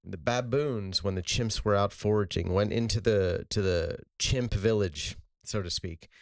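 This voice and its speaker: A man's voice: on the low side, unhurried, no room sound, clean studio sound. A man co-hosting a podcast in casual chat, making wry, profane asides. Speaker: podcast co-host.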